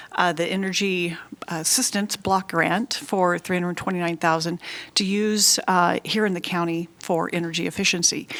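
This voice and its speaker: Creaky-voiced woman presenting at a meeting. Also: lowish voice, fairly bright tone. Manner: halting, many ums and uhs. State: a bit out of breath. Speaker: county finance director.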